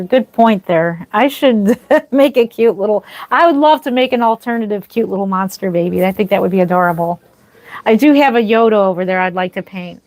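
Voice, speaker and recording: A woman's voice: medium pitch, brisk, a little mellow, no room sound. A woman hosting a casual livestream, chatting with viewers and gushing thanks for their gifts. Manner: gushing, easily moved, thanks viewers often. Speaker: livestream host, reborn doll artist.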